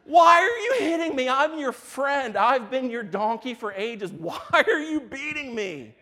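A man voicing a frightened, pleading male donkey in a very high, squeaky, teary voice during a sermon. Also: big pitch swings, unhurried, sharp tone, heavily acted. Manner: high, squeaky, tearful and laughing. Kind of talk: acted quote in a sermon.

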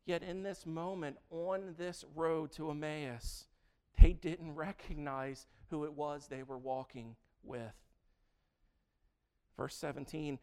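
A male preacher gives a sermon at a slow, unhurried pace, leaning on drawn-out, emphatic phrases. His voice sits a little high and sounds smooth and clear. He brings a sarcastic, playful humor to the telling. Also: steady tone, mellow.

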